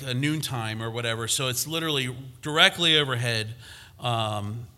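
Male preacher, very bright tone, emphatic teaching delivery with frequent restarts. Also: mid-range voice. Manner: emphatic, repeats himself with restarts and fillers. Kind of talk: sermon.

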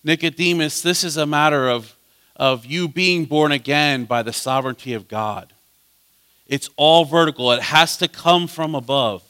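Animated questioning male pastor. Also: a little high, normal speed, clear, resonant tone. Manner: questioning, animated swings from loud to soft. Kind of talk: bible study teaching.

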